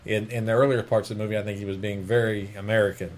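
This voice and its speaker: A man chatting casually about movies, animated and jokey, often slipping into playful asides. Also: fairly low pitch, a little hiss or hum. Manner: animated, jokey, quick to laugh off into silly voices.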